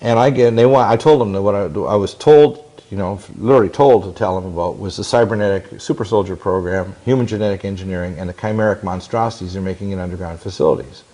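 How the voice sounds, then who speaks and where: He talks fast in a low, warm voice, hardly pausing at all. An interview guest in his sixties, he delivers long-winded, intense stories that wander, restart, and lean on quoted dialogue.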